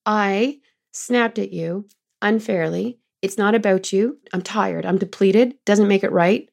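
A middle-aged woman talking as a guest in an interview, telling lively stories about leading her team and quoting people in changing voices. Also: mid-range voice, unhurried, gravelly. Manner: animated storyteller, quotes others in changing voices. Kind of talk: conversational interview.

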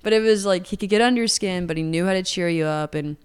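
A singer-songwriter in her twenties from Atlanta, United States, chats casually in an interview, rambling and using lots of fillers. Her voice is lowish and clean-toned, and she talks fast.

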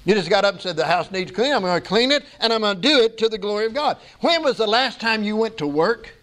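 Male pastor, high-pitched, earnest sermon delivery with emphatic slow passages. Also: animated, a bit bright.

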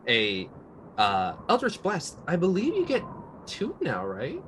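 A man's voice: a little high, slow pace, a little hiss or hum. A man running a tabletop game as game master, narrating the action with a laugh in his voice. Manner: lively, laughs while narrating.

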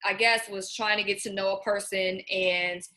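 Bright-voiced woman host, rambling. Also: mid-range voice, fairly even intonation, moderate pace. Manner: rambling, searching for words. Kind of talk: casual interview chat.

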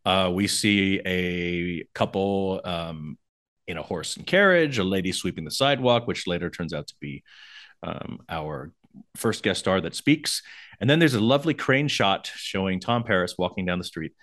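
A man with a low-sitting voice co-hosts a casual podcast chat at a moderate pace. He tells stories animatedly and acts out the quotes.

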